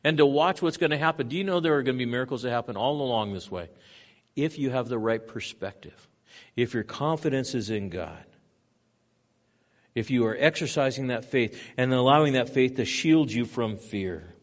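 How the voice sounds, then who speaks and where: Man, pastor, sermon, shifts from forceful emphasis to hushed tones, medium pitch. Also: animated, moderate pace. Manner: preaching with dramatic swings between loud emphasis and hushed delivery.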